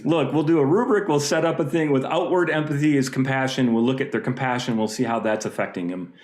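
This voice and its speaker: A fired-up man telling a story on a panel, animated as he speaks as a music teacher. His mid-pitched voice carries a roomy echo over a video call. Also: fast.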